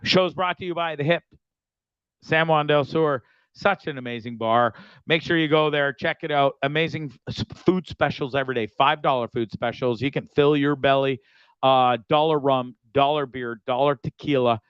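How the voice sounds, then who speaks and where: A man's voice: mid-range voice, normal speed, a bit bright, clean tone, no room sound, lo-fi sound. A man hosting his own show, reading sponsor spots in a rambling, profane, joking way. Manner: rambling, profane, jokey, restless. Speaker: show host. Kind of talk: casual show monologue with sponsor reads.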